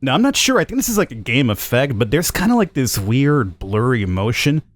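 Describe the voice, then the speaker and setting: A man's voice: medium pitch, big pitch swings, fairly quick. A man casually commentating a game playthrough, chatty, thinking aloud and reading notes out. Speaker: gameplay commentator. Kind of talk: let's play commentary.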